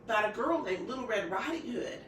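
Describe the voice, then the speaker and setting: A plainspoken, folksy young woodswoman, as a narrator puts her on, calm and drawling. Her voice sits fairly high with a lively lilt, and it sounds off-mic in an echoey room. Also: brisk, far from the mic, a little hiss or hum.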